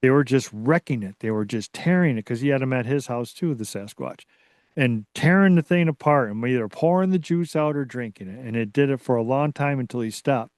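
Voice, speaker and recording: Excitable man telling a rambling story. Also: medium pitch, a little fast, no echo, studio quality. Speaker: guest, Bigfoot researcher. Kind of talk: casual storytelling interview.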